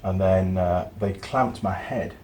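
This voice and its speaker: A man's voice: low-pitched, takes it slowly, darkish tone, slight background noise. A man hosting a mechanics channel, telling a story in casual workshop chat and swearing now and then.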